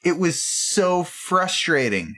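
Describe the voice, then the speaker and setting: A man chatting casually with friends about a video game, animated and full of fillers. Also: high-pitched, slow pace. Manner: animated, laughing, filler-heavy. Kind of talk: casual chat among friends.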